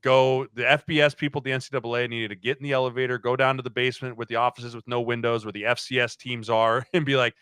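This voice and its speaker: A man in his thirties, a podcast guest chatting casually about football, who acts out quotes in lively stories and laughs often. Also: mid-range voice, fast talker, hardly any pauses, clear, resonant tone, no echo, studio quality. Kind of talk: casual sports chat.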